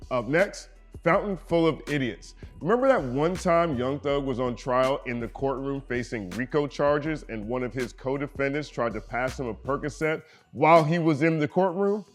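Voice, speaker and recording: A man hosting a music commentary show, reading out viewer comments and answering them with wry, casual asides. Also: medium pitch.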